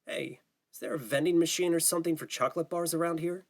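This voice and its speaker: A man's voice: on the high side, steady tone, fast, pitched above the performer's own voice, natural voice. A man voicing a rebellious but polite teenage boy at summer camp, with dry, wry asides.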